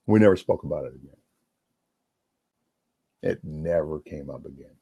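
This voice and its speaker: A man from Washington State in a rambling, profane livestream rant, swinging between mumbling and yelling. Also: sits low, expressive, moderate pace, long pauses, breathy edge, no echo.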